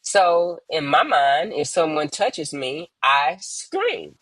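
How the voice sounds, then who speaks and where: A woman's voice: low voice, sing-song, fairly bright tone, dry recording, poor audio. Earnest woman on a remote call. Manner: earnest, pauses often, acts out quoted voices. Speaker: guest sharing her story. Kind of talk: emotional personal testimony, slow and reflective.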